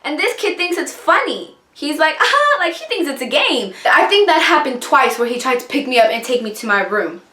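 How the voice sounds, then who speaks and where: A woman's voice: high-pitched, very animated, a little fast, hardly any pauses, bright, forceful tone, reverberant. A young woman vlogger telling a personal story in a rambling, casual way, full of fillers. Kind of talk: storytime vlog, casual retelling.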